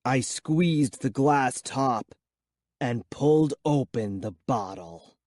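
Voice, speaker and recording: Man reading a spooky kids book, slow and mellow, dry close sound. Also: mid-range voice, expressive, no room sound. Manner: measured, suspenseful reading. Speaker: audiobook narrator. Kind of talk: first-person scripted narration of a children's horror book.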